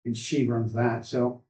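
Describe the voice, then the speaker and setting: A man's voice: mid-range voice, little pitch movement, slow pace, dark tone. A man, an addiction specialist earnestly telling his life story in rambling, heartfelt sentences. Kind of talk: emotional personal storytelling. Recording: roomy echo.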